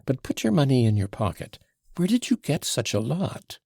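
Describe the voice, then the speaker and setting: A man's voice: medium pitch, big pitch swings, creaky, darkish tone, husky, no echo, clean studio sound, voice pushed up, heavily acted. A man reading an audiobook, voicing a teasing, imperious young woman who scolds insistently. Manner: insistent, reproachful, quick to scold.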